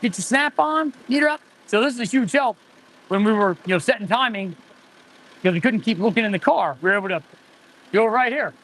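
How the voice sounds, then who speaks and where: A man's voice: sits high, expressive, brisk, a bit bright, slight background noise. A man in his forties, an auto mechanic hosting a casual livestream, rambling and answering viewer chat as he goes. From United States.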